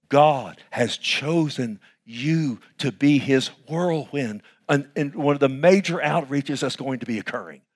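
A man with a Texan accent preaching a sermon as pastor, swinging from loud exclamations to hushed, intimate passages and laughing often. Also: fairly high pitch.

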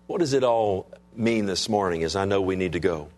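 A man's voice: deep voice, brisk, hardly any pauses, darkish tone, slight background noise. A middle-aged male pastor preaching a conversational sermon, often asking the congregation whether they understand.

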